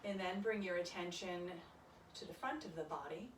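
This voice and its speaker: A woman leading a yoga class, giving calm, soft-spoken cues through breathing and stretches. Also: on the low side, normal speed, a little hiss or hum. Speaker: yoga instructor. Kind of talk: guided yoga class instruction. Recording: echoey room, voice from a distance.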